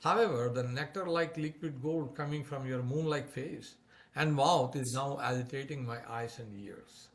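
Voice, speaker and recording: A man voicing a charming young male divine lover who flatters and pleads in a raised, louder voice. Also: medium pitch, moderate pace, natural voice. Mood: coaxing.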